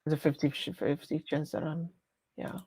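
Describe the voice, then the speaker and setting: A woman's voice: sits low, level tone, moderate pace, dark tone, slightly rough, no echo. A woman with a French accent chatting casually on a live stream, rambling and breaking off her own sentences. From France. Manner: rambling, chatty, self-interrupting.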